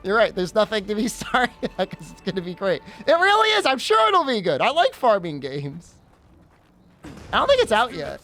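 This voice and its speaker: A man's voice: high-pitched, huge pitch swings, moderate pace, pushed and bright, faint music behind. Giggly, rambling male streamer. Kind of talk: casual gaming stream chat.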